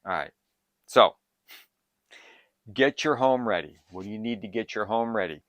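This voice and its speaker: Older man, lowish voice, eager and rambling prep advice, dry close recording. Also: normal speed, no echo, lo-fi sound. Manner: excitable, rambling, jumps between topics. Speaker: prepping channel host. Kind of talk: casual advice to camera.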